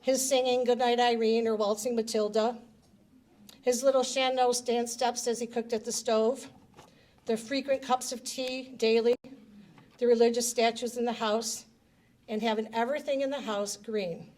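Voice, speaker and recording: A woman's voice: a little high, fairly even intonation, normal speed. A woman giving a personal speech at a reception, telling family stories with fillers and light laughter. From United States. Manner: warm storytelling with laughs and fillers, gets emotional.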